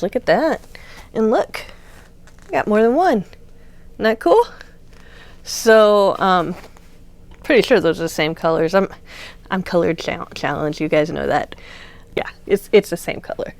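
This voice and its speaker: A woman hosting a craft channel, chatting casually and gushing as she shows off yarn, with plenty of fillers. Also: lowish voice. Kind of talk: casual unboxing chat.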